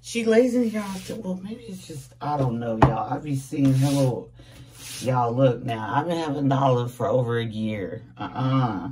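Woman tarot reader, groggy morning voice, chatty, set back from the mic, steady noise behind her. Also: rumbling low, normal speed, distant mic. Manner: chatty, laughing, calls viewers babies and loves. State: groggy just-woken voice. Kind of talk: casual tarot reading to camera.

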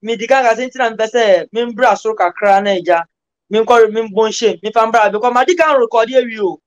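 A man's voice: sits high, fairly quick, dull audio. A Ghanaian man, an interview guest, talking in playful, rhythmic banter and slipping into chanted freestyle lines. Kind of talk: casual interview banter mixing Ghanaian Pidgin and Twi.

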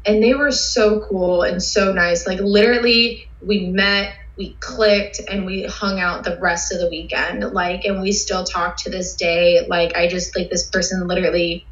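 A woman guest telling excitable, rambling stories with lots of fillers in a casual interview. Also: lowish voice, unhurried, few pauses. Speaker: guest cosplayer. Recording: roomy, dull sound.

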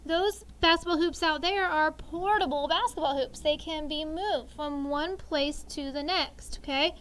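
Woman teacher, high and bright, slow clear syllable drills in a classroom. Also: rough recording. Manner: clear, instructive, drawing out words syllable by syllable. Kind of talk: classroom vocabulary lesson.

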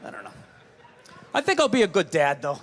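A man doing a stand-up set on stage, ranting and swearing, often shouting his punchlines. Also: on the high side, wildly swooping pitch, a little fast. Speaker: stand-up comedian. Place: comedy stage before a laughing audience. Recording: live show, long hall reverb, faint noise.

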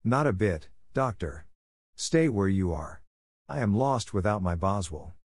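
A man voicing a sharp, dry, self-assured detective in a brisk, confident way in an audiobook. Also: fairly low pitch, lively intonation, no echo.

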